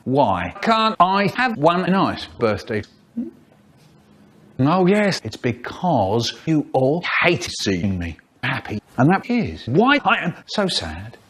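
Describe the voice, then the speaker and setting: A man's voice: mid-range voice, wildly swooping pitch, takes it slowly, fairly bright tone. A man in his sixties telling a story in a dramatic, exaggerated way. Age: 60s. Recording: recording with clear background noise.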